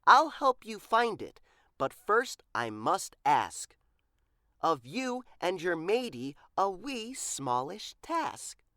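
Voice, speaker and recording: A prim, cheerful librarian speaks firmly and precisely, as a woman storyteller plays her. Her voice lifts and dips with lively pitch. She speaks slowly, as in a picture book read aloud. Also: no room sound, clean studio sound, exaggerated voice. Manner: firm, bright and precise.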